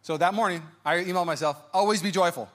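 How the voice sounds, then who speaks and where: A man in his thirties preaches with a high, bright voice that is full of energy. He tells stories about his own life, jokes with the congregation and slips into exaggerated voices to act out what people said. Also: fast talker. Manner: animated, jokey, acts out quotes in high-pitched voices. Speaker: pastor. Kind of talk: sermon with personal storytelling.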